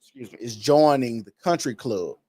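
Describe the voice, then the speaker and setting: A man in casual podcast chat, quick and agreeable, often restarting his sentences. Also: mid-range voice, lively intonation, darkish tone. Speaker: podcast co-host.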